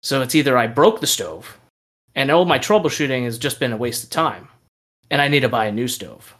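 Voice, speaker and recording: A man co-hosting a casual podcast, telling animated stories with frequent laughter and casual swearing. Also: medium pitch, fairly quick. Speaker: podcast co-host. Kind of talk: casual chat.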